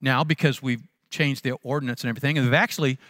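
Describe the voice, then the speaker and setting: A man voicing his eighty-year-old father-in-law, dropping to a lower, calm, measured voice. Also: no room sound, studio quality, lightly acted. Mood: firm. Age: 80s.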